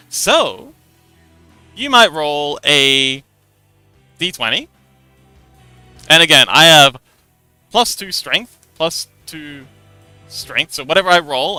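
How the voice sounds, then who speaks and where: A young man hosting a livestream casually explains how a tabletop game works, giggling and rambling with lots of restarts. His fairly high voice sounds pushed and bright, with a clean tone and no echo.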